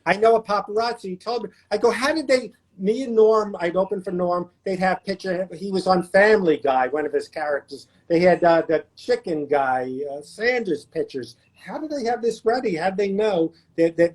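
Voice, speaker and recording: A man's voice: high-pitched, darkish tone. A man, a guest actor, chatting casually over a video call and telling self-deprecating showbiz anecdotes. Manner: anecdotal, self-deprecating, does quick impressions. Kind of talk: casual storytelling chat.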